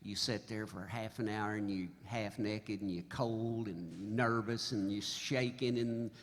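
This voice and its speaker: A man's voice: fairly low pitch, steady tone, unhurried. Folksy old man telling stories. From Oklahoma. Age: 70s. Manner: folksy, drawling, self-deprecating storyteller. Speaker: singer-songwriter. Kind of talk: storytelling between songs at a live show. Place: concert hall. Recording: live hall reverb, faint music.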